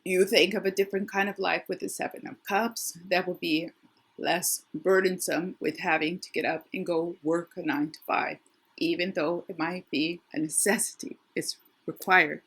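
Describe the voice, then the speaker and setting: A middle-aged woman with a worn, husky voice gives a casual tarot reading, chatty and thinking aloud with frequent restarts. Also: on the low side, fairly even intonation, moderate pace, a bit bright. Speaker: tarot reader.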